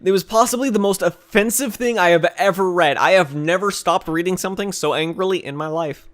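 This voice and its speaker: High voiced guy venting about a show, animated and sweary, talking straight to camera. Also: fairly quick. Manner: animated, profane, exasperated ranting. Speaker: video creator answering viewer questions. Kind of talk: casual rant to camera.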